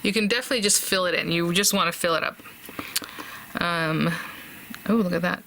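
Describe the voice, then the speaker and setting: A woman's voice: lowish voice, sharp tone, a little hiss or hum. A woman hosting a casual crafting tutorial, chatting and thinking aloud as she works, with fillers and small laughs.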